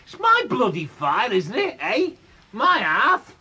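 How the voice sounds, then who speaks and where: A man's voice: fairly high pitch, expressive, a little slow, heavily acted. Bullying drunk Liverpool father. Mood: drunken, belligerent. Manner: shouting, bullying, with coughing fits. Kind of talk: radio drama acting.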